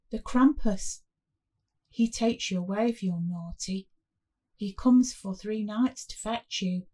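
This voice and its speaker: A woman's voice: medium pitch, mellow, slightly rough. Woman doing a scared little five-year-old boy. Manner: small, pleading voice.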